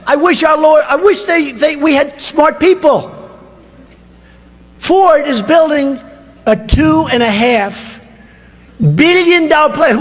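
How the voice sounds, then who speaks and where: Older male candidate at a rally, high-pitched, boastful and rambling, booming hall echo. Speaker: political candidate. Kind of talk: campaign rally speech. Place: large rally venue. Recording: reverberant hall, long echo.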